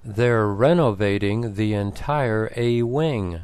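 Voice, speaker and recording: A man's voice: lowish voice, a little mellow, smooth, no room sound. Amy, a man reading a young woman tenant. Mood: worried. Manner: plain, measured storybook delivery. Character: young woman tenant, worried then overjoyed.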